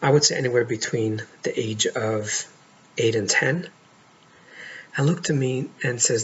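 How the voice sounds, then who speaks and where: A middle-aged man speaking as a life coach in an earnest, heartfelt monologue, often pausing to stress words. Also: mid-range voice. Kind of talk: monologue to camera. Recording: dull lo-fi audio with faint noise.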